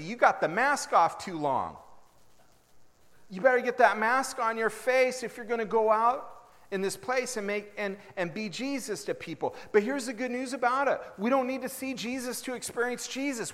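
High-voiced preacher in a big hall. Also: male voice, a bit bright. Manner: folksy, conversational preaching with sudden emphatic rises. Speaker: pastor. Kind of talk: sermon.

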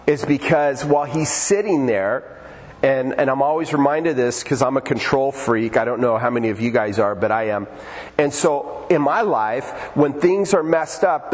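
A man's voice: mid-range voice, in a large hall. An older man preaching a sermon in a church, conversational and storytelling, joking with the congregation. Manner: conversational, storytelling, jokes with the audience. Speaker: pastor. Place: church in Oregon.

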